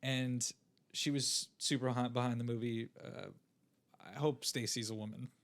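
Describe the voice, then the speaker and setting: A man's voice: medium pitch, steady tone, moderate pace. A young man co-hosting a podcast in casual chat, rambling with lots of fillers and restarts. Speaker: podcast co-host.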